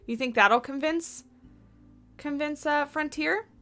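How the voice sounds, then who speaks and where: A woman chats her way through a game-building livestream from home, rambling cheerfully to her viewers. Her voice sits a little high and sounds bright and clear on a desktop mic. Faint music plays underneath. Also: takes it slowly. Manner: chatty, rambling, talks to chat readers. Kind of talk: casual chat while building in a game. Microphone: USB desktop mic on boom arm.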